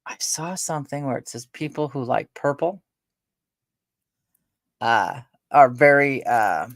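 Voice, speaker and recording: A woman's voice: very deep voice, animated, measured pace, dry recording. An older woman chatting casually on her vlog at home, rambling with lots of fillers. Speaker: vlogger. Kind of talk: casual chat.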